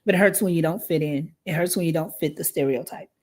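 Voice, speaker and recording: Low-voiced woman hosting a parenting talk. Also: fast talker, a little mellow. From United States. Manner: conversational, frequent "right?" tag questions. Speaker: parenting podcast host. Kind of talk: live podcast talk.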